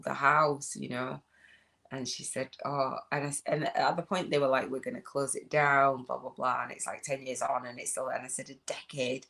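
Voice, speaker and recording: Walking outdoors with her phone, a Leeds-accented woman in her forties who works as a spiritual business coach chats through a rambling vlog monologue. She restarts often, speaking in a fairly bright but extremely low-pitched voice marked by vocal fry.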